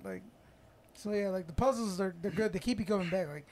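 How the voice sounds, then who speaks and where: A man in casual podcast chat, an animated storyteller who swears freely and rambles. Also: high voice, a little fast.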